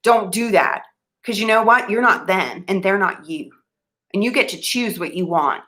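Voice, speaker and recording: Earnest woman with a bright drawl. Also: medium pitch. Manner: earnest and emphatic, loses her train of thought. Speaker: vlogger giving money advice. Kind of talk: casual talk to camera.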